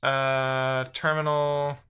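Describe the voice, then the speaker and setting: A man's voice: medium pitch, level tone, very slow, pushed and bright, clear, resonant tone. Frustrated man muttering while coding. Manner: frustrated, muttering, reading chat aloud. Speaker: live-streaming developer. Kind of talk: casual live-stream chat while coding.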